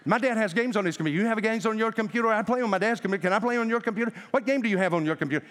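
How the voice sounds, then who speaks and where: A man's voice: high-pitched, a bit bright, voice pushed up. A man voicing a two-year-old girl who fires off endless repetitive questions. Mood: chattering. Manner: rapid, repetitive childish questions.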